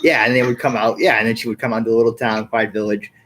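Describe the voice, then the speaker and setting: Halting, rambling man hosting a podcast. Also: mid-range voice, level tone, fairly bright tone, slight background noise. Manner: rambling, halting, repeats words. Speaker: podcast host. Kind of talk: casual chat.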